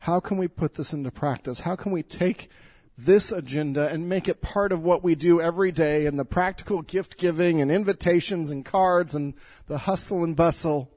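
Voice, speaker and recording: Male pastor, middle-aged, slightly high voice, earnest and pleading sermon, close dry sound. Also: moderate pace, darkish tone, no room sound. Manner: earnest, pleading, repeats words. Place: church.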